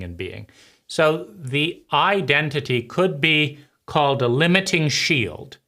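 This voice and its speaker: Slow, bright-voiced man musing. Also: medium pitch. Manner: slow, deliberate, pausing between phrases. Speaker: channel host. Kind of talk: reflective philosophical monologue.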